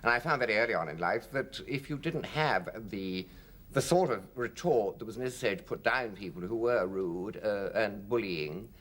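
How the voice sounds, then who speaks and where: Older english guy, lowish voice, tells stories all theatrical and swoopy. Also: normal speed. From England. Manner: theatrical, mimicking voices, animated. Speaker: interviewee. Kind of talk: anecdotal interview.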